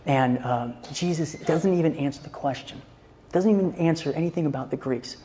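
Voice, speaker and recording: Teaching a Christian counseling class, this man keeps things easygoing and chatty, often asking whether his audience is following and putting scripture scenes into plain speech. He speaks at a moderate pace in a voice on the high side, over audio with clipped highs and a slight hiss or hum.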